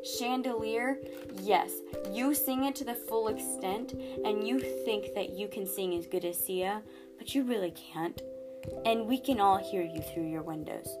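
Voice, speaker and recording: A woman's voice: mid-range voice, a little slow, over loud music. A teenage girl hosting a podcast, talking in a chatty, exaggerated comedic monologue full of "like". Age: teens. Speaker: podcast host.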